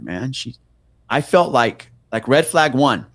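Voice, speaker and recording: A man's voice: medium pitch, unhurried, dry recording. A middle-aged man, a police officer, telling a story in a casual interview with lots of swearing and acting out the voices of the people in it. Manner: profane, animated, acts out the voices of people in his story.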